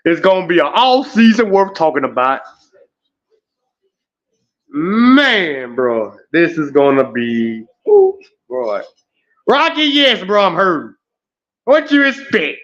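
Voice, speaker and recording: A man hosting an emotional live stream, animated, groaning and exclaiming as he talks. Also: sits high, slow pace, pauses often, muffled recording. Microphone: home streaming setup.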